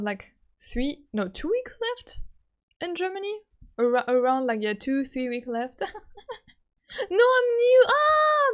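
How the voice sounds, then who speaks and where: A young woman from France with a French accent, chatting casually and giggling often with her live-stream viewers. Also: high voice.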